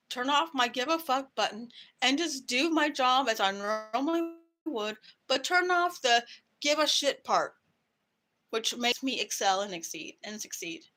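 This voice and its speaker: A woman's voice: a little high, pushed and bright. A woman vlogger ranting to camera in a heated, profane way about her work. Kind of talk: angry personal rant to camera.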